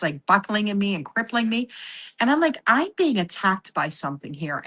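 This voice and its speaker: A psychic medium guest on a casual podcast chat tells a personal story, acting out the voices of the people she quotes and laughing as she goes. Her voice is mid-range and a bit bright.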